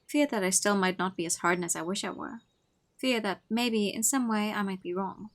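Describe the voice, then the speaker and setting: A woman's voice: medium pitch, moderate pace. Woman narrating a game on stream. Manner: expressive narration with laughs and asides. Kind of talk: reading a visual novel aloud on stream.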